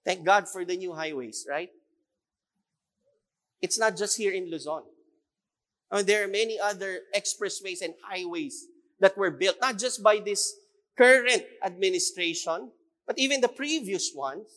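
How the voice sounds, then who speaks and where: A man's voice: sits high, normal speed, long pauses, a bit bright. A male pastor with a Filipino accent preaching a sermon, emphatic and repeating key phrases, sometimes switching into Tagalog. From Philippines.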